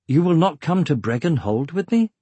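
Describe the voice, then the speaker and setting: A man voicing an earnest young male hero who speaks clearly and with emphasis. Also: on the high side, animated, normal speed, dark tone, no room sound, pitched above the performer's own voice.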